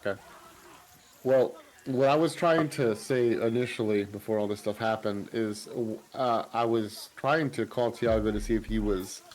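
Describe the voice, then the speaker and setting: Low-voiced player rambling through his plan. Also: moderate pace, a little mellow, a little hiss or hum, rough recording. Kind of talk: casual game talk.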